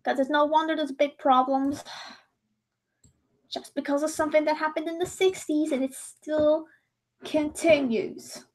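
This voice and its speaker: A woman's voice: sits high, fairly even intonation, unhurried, long pauses. A young woman chatting casually on her livestream, rambling and often breaking off to restart her sentences. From Ireland.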